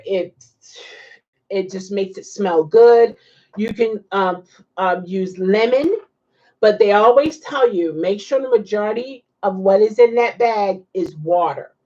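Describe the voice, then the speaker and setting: A woman's voice: mid-range voice, darkish tone, dull audio. A woman hosting a casual livestream, chatting and reacting to viewer comments with frequent laughs. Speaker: livestream host.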